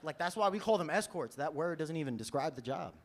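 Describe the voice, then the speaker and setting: Performing at a comedy club, a New York stand-up in his 20s talks fast in a voice on the high side. His set is loose and chatty with a lively energy, punctuated by his own laughter and repeated "you know?"s.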